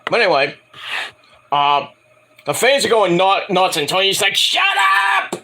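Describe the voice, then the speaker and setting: A man giving a casual, profane recap of a wrestling show, rambling, excitable and mocking. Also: sits high, moderate pace. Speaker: wrestling reviewer.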